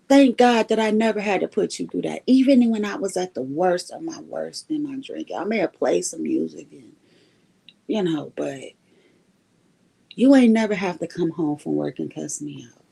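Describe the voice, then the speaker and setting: A woman hosting a livestream, telling stories in an animated way, laughing often and swearing freely. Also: lowish voice, normal speed, creaky, pauses often, breathy edge. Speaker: livestream host. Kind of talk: casual storytelling chat.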